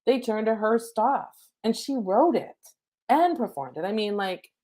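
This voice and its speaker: A woman's voice: fairly high pitch, expressive, a little slow, mellow. A middle-aged woman, a spiritual coach, giving a live-streamed lesson from home on her laptop mic, casual, chatty and cheerfully profane.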